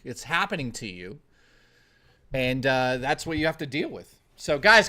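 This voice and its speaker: Bright, rowdy male streamer. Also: on the high side. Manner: rowdy, profane, excitable banter. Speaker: livestreamer. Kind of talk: casual live-stream chat.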